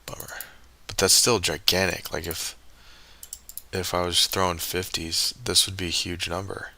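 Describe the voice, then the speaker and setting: Low gravelly man muttering over a game. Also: flat delivery, moderate pace, pushed and bright. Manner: muttering, frustrated, talks to himself. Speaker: live streamer. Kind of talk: casual live-stream commentary while playing.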